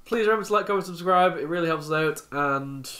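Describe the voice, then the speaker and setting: A man's voice: a little high, quick pace, fairly bright tone. A man hosting a board game playthrough, chatting casually at the table and laughing often. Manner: laughs often, wraps up the episode.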